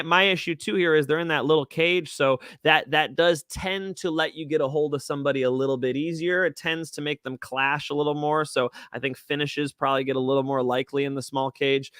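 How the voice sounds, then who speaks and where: A man of thirty from Chicago co-hosts a casual sports betting chat in a bright, dry-sounding voice. He talks loosely and swears often, restarting his sentences as he goes. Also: mid-range voice, dry recording. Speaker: co-host.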